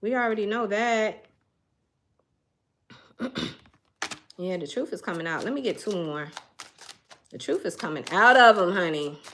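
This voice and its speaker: A woman's voice: mid-range voice, animated, measured pace, pauses often, noisy background. Chatty woman giving a tarot reading. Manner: chatty, folksy, talks straight to viewers. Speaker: tarot reader. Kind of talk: casual tarot reading livestream.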